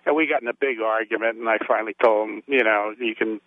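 A man's voice: on the low side, fairly even intonation, fast talker, no echo. Blunt male caller on a tinny phone line. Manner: blunt, tough-talking. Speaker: caller, former police officer. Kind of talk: call-in storytelling.

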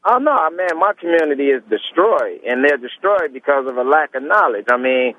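A male caller on a talk radio show who speaks in an earnest, frank manner. His voice sits a little high and comes through a dull, muffled phone line. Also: expressive, normal speed, slight background noise.

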